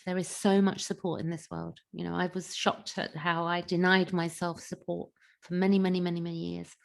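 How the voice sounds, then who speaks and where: Gravelly-voiced woman giving gentle advice. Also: lowish voice. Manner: gentle, reassuring, with frequent restarts and "you know". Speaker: mentor and coach. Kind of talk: casual advice talk.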